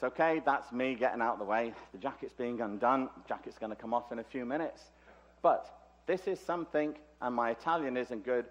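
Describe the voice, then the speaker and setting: In a conference hall, a Liverpool man with a British English accent lectures, adding chatty jokes along the way. The sound is lo-fi, carrying his medium-pitched voice.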